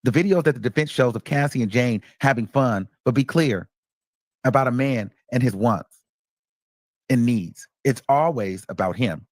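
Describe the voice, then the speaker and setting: A man's voice: mid-range voice, normal speed, no room sound. Emphatic male commentary host. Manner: emphatic, repeats points for stress. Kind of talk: reaction commentary.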